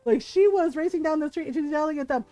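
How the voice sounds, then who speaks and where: A woman's voice: sits high, fast talker, warm tone, dry recording, faint music behind, low-quality recording. A woman streamer telling a family story in casual chat, laughing often and acting out the people she quotes.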